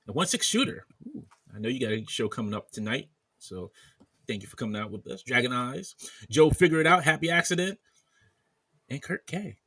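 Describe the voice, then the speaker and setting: A man's voice: mid-range voice, vocal fry, pushed and bright, slightly rough, dry recording. A man hosting a casual podcast chat, reading off viewer names in a running list. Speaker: podcast host. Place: at home in bed, wearing headphones.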